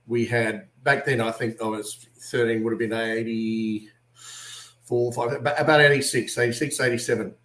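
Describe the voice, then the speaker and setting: Animated Australian man telling a story. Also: mid-range voice, normal speed, echoey room. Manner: animated storyteller, acts out voices in quotes. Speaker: guest. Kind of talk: storytelling on a video call. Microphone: video call.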